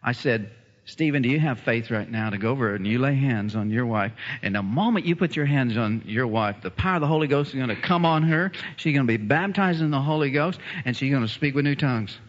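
A man's voice: medium pitch, a little fast, long reverb tail. A man preaching a sermon, telling a story and acting out the voices of the people in it. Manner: animated, acts out voices in his stories. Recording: dull lo-fi recording.

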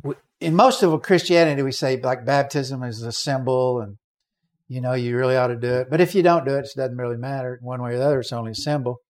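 A man preaching a sermon, telling a story with animated acted-out voices and shouts. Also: mid-range voice, fast.

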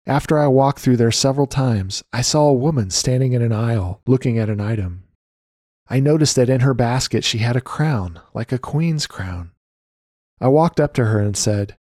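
A man reading a personal faith testimony aloud in an earnest, measured way, citing scripture references. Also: medium pitch, darkish tone, dry recording, studio quality. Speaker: Christian storyteller. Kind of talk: read devotional testimony.

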